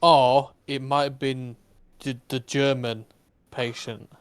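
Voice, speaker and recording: A man's voice: mid-range voice, little pitch movement, slow, clear, resonant tone, dry recording. A man chatting casually on a podcast in an offhand way, swearing now and then. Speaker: podcast co-host. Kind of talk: casual chat.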